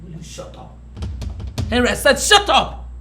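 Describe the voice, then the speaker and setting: A woman's voice: on the high side, huge pitch swings, normal speed, slight background noise. A woman with a Nigerian accent playing a fierce, scolding stepmother. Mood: furious. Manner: scolding, shouting. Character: fierce stepmother, a palace matriarch. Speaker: mother. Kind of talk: film acting.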